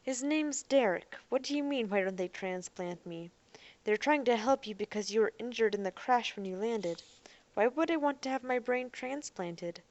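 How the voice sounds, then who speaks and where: A woman voicing a young woman who talks calmly and coaxingly to keep someone talking. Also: fairly high pitch, moderate pace, lo-fi sound, voice pushed up, close to an everyday voice. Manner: soothing, coaxing. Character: young woman, calm and persuasive.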